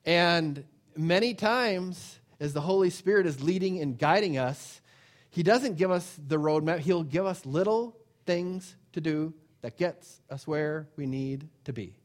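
A man's voice: on the high side, unhurried, darkish tone. A man giving an informal sermon and telling a personal story. He acts out quoted voices, repeats phrases and often restarts his sentences. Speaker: preacher.

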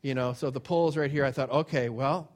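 A man's voice: mid-range voice, brisk. A man giving an informal sermon and telling a personal story. He acts out quoted voices, repeats phrases and often restarts his sentences. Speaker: preacher.

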